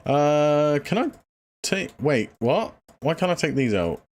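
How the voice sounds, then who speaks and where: A man's voice: a little high, very animated, takes it slowly, slight background noise. A man casually chatting through a livestream, out of breath and rambling with lots of fillers as he thinks aloud. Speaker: streamer. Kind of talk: casual gameplay livestream chat.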